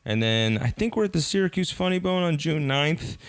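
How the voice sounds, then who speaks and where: A young male comedian talks casually on a podcast, pausing on fillers as he lists gigs. His voice is smooth and resonant, with lively pitch movement. The recording is dry and close. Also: no echo. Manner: easygoing, filler-heavy listing of dates.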